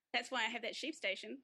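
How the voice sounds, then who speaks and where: An Australian woman with a bright, sharp voice and a gravelly edge, chatting freely as a guest author. She laughs easily and often restarts her sentences mid-thought. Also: on the high side. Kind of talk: casual interview chat.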